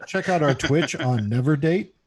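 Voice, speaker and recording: A man's voice: fairly high pitch, animated, moderate pace, over a noisy crowd. A man running a tabletop game, reading out event cards with dry humor in casual banter.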